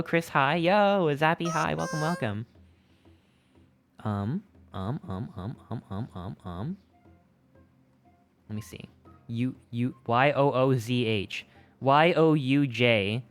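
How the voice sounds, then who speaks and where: A young adult streamer chatting casually with a live chat, upbeat and excitable, reading messages aloud. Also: mid-range voice.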